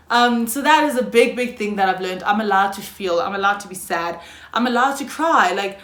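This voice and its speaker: A woman's voice: mid-range voice, animated, normal speed, a bit bright. A young South African woman with a South African accent, talking frankly in a personal vlog, swearing freely and laughing often. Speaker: YouTuber. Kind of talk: candid personal vlog monologue. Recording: roomy echo.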